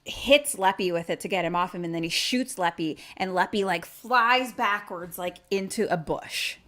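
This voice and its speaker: Bright-voiced woman recapping a movie. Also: medium pitch, moderate pace. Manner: chatty, swears freely, acts out scenes. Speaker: podcast co-host.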